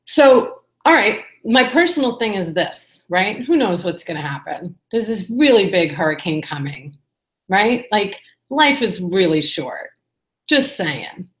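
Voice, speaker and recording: A woman's voice: medium pitch, big pitch swings, unhurried, reverberant. A woman talking candidly to the camera in a casual personal vlog, rambling and chatty with lots of fillers. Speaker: vlogger.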